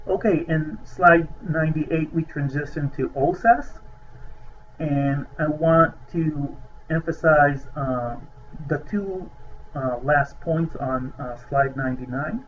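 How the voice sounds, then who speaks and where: A man's voice: on the high side, takes it slowly, lo-fi sound, slight background noise. Hesitant man lecturing over slides. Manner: hesitant, many filler sounds, emphasizes key terms.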